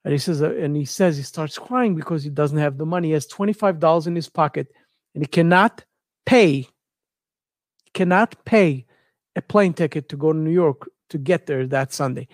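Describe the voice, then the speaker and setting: Man, high voice, dry close sound, animated storyteller. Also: normal speed, no echo. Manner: searches for words, repeats phrases, animated retelling. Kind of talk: casual storytelling.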